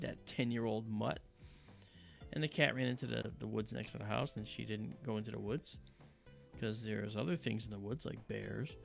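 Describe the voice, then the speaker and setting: A man hosting a livestream, talking casually and telling animated stories with quoted voices. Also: mid-range voice, a little fast, vocal fry, soft background music. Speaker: livestream host.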